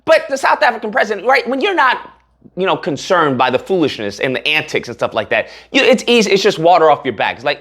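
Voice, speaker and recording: A man's voice: a little high, wildly swooping pitch, brisk, a bit bright. A man giving heated, sarcastic political commentary as a channel host, using casual slang.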